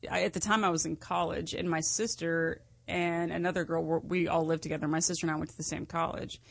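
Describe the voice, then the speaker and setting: A woman's voice: low-pitched, flat delivery, creaky, a little hiss or hum. A woman co-hosting a comedy talk show, telling stories in a wry, joking way. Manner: wry, quick to laugh. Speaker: co-host. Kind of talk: casual comedic chat.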